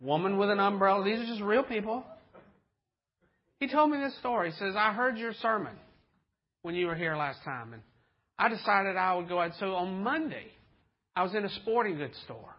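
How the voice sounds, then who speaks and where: A man's voice: high-pitched, expressive, a little fast, dull audio. A man preaching a folksy, joking sermon to a congregation, acting out the people in his stories. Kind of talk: storytelling sermon.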